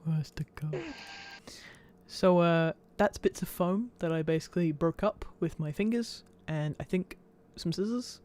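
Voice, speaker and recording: A man's voice: high-pitched, normal speed, few pauses, a little mellow. A man giving a casual, self-deprecating commentary over his old home videos and laughing often.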